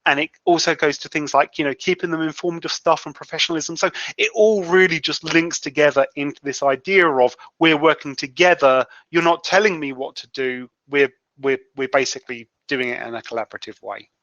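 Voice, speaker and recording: A man's voice: on the high side, a little fast, hardly any pauses, fairly bright tone, no room sound. A man who is a guest freelance writer, explaining at length in a podcast interview and often restarting his sentences. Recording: dull lo-fi sound.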